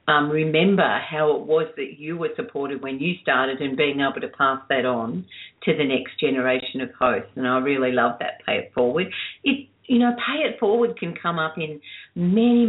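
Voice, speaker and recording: An older woman, a radio producer being interviewed, telling stories in a chatty way and laughing often. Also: deep voice. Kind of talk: casual interview chat. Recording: tinny phone line.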